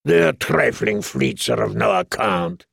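A man's voice: on the low side, lively intonation, gravelly, fairly bright tone, slightly rough, no echo, clean studio sound, voice pushed down, heavily acted. A man doing a sly, drawling merchant prince. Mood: sly wheedling. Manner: drawling, teasing, slow. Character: sly wealthy male merchant prince, mocking and greedy.

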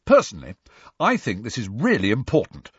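A man's voice: medium pitch, huge pitch swings, fairly quick, breathy edge, dry recording, heavily acted. A man voicing a pompous, self-important teenage schoolboy, in a storybook reading. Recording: dry, slightly dull recording.

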